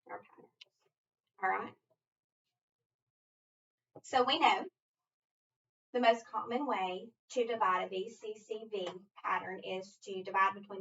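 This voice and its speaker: A woman tutoring phonics, breaking each rule into small encouraging steps. Her voice is bright and clear but sits a little back from the mic, on a dull lo-fi recording. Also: mid-range voice, far from the mic. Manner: encouraging, step-by-step instruction. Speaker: reading teacher.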